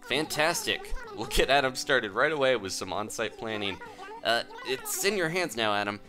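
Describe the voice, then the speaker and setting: A man's voice: mid-range voice, lively intonation, moderate pace, over music, close to an everyday voice. A man voicing a cheerful, encouraging young female shop assistant in a game. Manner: upbeat, encouraging.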